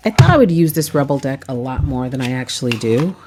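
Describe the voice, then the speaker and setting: Heavy background noise surrounds a woman whose voice is extremely low, animated and fast. As a tarot reader and vlogger, she chats about her decks in a rambling manner, saying "like" often.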